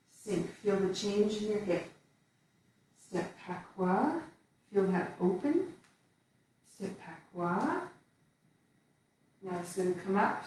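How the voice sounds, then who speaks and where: A woman teaching a qigong form, calmly cueing each step as she moves through it. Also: mid-range voice, slight background noise. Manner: calm step-by-step cueing while moving. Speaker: qigong instructor. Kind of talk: guided movement class. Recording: echoey room from far off.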